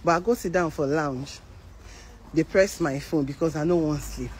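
A woman's voice: on the low side, rough recording. A woman from Nigeria with a Nigerian Pidgin accent, telling a personal story in a casual monologue and acting out the voices of people in it. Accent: Nigerian Pidgin English. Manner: animated, mimics voices in the story. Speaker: care worker telling her story. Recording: outdoor traffic noise.

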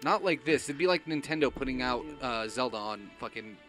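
A man's voice: medium pitch, expressive, a little fast, pushed and bright, faint music behind. A man co-hosting a casual gaming stream, chatty and opinionated, swearing casually. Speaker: stream co-host.

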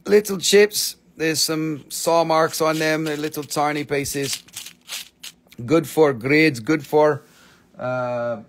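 A man's voice: a little high, a little hiss or hum. A man selling stones on a live shop stream, in joking patter with playful broken English. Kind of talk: live sales pitch.

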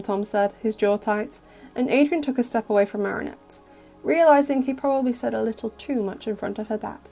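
Woman narrator for an audio fic, gentle and even, fairly high and mellow, faint music under her. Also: fairly quick, gravelly. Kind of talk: scripted narration.

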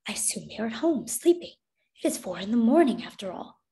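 A woman reading aloud, voicing a calm, protective mother who speaks quietly and pleads. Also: on the high side, fairly quick. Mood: hushed.

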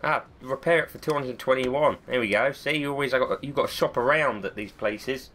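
Brief: male gaming host with a cold, casual, sweary, self-mocking play-by-play, mid pitch. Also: moderate pace, a bit bright, a little hiss or hum. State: has a cold. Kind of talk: let's-play commentary.

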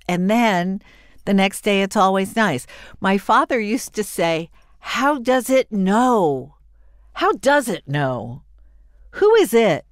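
Older woman, podcast host, chatty and effusive, lowish voice, dry close mic. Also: clear, resonant tone, no room sound. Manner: chatty, animated and warmly effusive. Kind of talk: solo podcast monologue.

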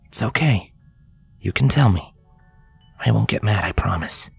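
A man voicing a worried young father who speaks in a soft, soothing way and calls out anxiously. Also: on the low side, expressive, unhurried, gravelly, slightly rough, faint music behind, exaggerated voice. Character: worried young adult father, gentle and protective. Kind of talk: fanfiction audiobook reading.

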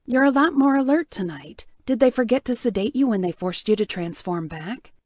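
A woman's voice: a little high, expressive, normal speed, darkish tone, no echo. A woman voicing a stubborn, caring young woman who tends a wounded patient in an audiobook, firm and reassuring. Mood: insistent. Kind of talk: audiobook character voice.

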